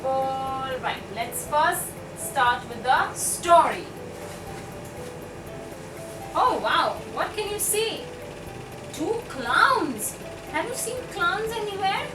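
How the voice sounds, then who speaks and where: A woman's voice: very high voice, lively intonation, slow, music in the background. A woman teaching phonics to young children, sounding out letters one by one with careful, exaggerated enunciation. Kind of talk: slow, clear classroom teaching for young children. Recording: echoey room, voice a bit distant from mic, audible background noise.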